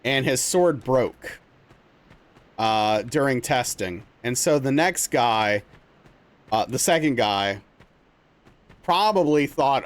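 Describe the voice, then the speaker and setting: A young man streaming a game live, telling a rambling story in a casual, animated way with lots of filler words. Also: mid-range voice, slow pace, long pauses. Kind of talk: casual chat while playing a game live.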